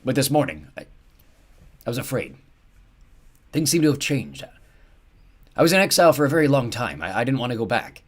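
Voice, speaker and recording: A frail, ancient old man with decades of sorrow behind his words, as a male narrator puts him on. He speaks gently and haltingly, his pitch raised and lively, as in a storybook reading.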